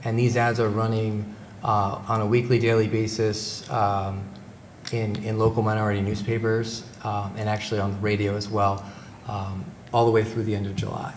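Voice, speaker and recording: Speaking at a moderate pace in a fairly low voice with little pitch variation, a man presents formally at a public meeting for his company's supplier outreach. He sounds unsure, using many fillers and restarting sentences. The table microphone sits in an echoey meeting room with background noise.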